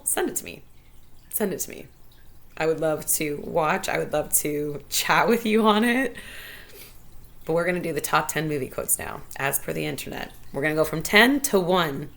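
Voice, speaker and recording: A woman's voice: low-pitched, vocal fry, fairly bright tone. A woman hosting her own show, talking earnestly and from the heart as she thinks aloud on her own. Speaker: podcast host. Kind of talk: solo reflective monologue.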